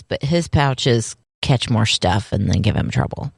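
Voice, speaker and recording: A woman co-hosting a casual podcast, chatty and quick to laugh. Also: very deep voice, animated, vocal fry, husky, no room sound, studio quality. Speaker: podcast co-host. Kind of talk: casual chat.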